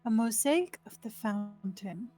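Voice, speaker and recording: A woman playing a tabletop game in character, animated and exclaiming. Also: a little high, measured pace, soft background music. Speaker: player. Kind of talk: casual in-character play.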